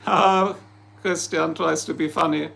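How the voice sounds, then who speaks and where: A man's voice: on the high side, fairly even intonation, measured pace, creaky, bright, forceful tone. A man from Germany with a German accent, hosting a casual livestream and chatting to viewers in a rambling, jokey way. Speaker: livestream host. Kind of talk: casual livestream chat answering viewer comments.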